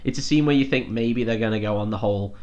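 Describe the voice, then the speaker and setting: A man's voice: mid-range voice, quick pace, a little mellow, highs cut off. A man hosting a podcast, casually retelling a film's plot in a rambling, sweary way and laughing as he goes. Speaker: podcast host recapping a film. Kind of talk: casual chat.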